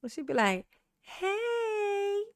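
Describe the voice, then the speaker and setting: A woman's voice: on the high side, lively intonation, moderate pace, dry recording, clean studio sound. Chatty, slangy woman commenting. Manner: chatty and slangy, laughs often, talks back to the video. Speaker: online commentary host. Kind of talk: casual livestream commentary.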